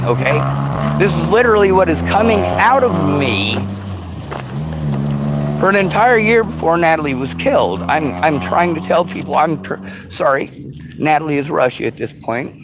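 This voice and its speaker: A man ranting to his viewers, sarcastic and profane, slipping into mocking high voices, with a faint background hiss. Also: animated, moderate pace. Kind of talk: angry rant to viewers. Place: vehicle.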